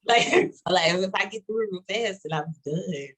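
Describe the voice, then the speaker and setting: A woman with a Texas accent chatting on a roundtable video call, talking fast and rambling with many fillers. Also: mid-range voice, a bit bright, rough recording. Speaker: roundtable panelist. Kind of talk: casual chat.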